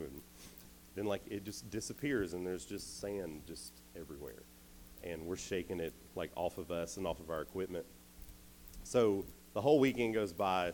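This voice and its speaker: A man's voice: low-pitched, darkish tone, slight background noise, low-quality recording. A man, a little tired, giving a casual camp sermon full of self-deprecating stories. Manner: chatty, self-deprecating storyteller. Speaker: youth camp speaker. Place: indoor camp meeting hall.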